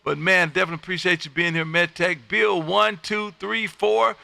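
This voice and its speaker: A man from Texas, hosting a live-streamed ham radio session and working contacts in a loud, upbeat, friendly way. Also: high voice, fairly even intonation, moderate pace, vocal fry, no echo. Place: home radio room.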